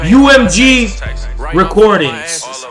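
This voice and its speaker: A man's voice: high voice, big pitch swings, slow pace, over music. A man live streaming an angry, profanity-heavy rant that sometimes slips into a sing-song delivery. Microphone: desk setup in front of a streaming camera.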